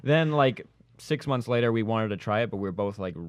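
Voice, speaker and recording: A man's voice: lowish voice, lively intonation, a little fast, no room sound. A young man co-hosting a podcast, telling a story in casual chat in a hesitant way, with lots of "uh" and "like". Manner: hesitant, filler-heavy. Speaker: podcast co-host.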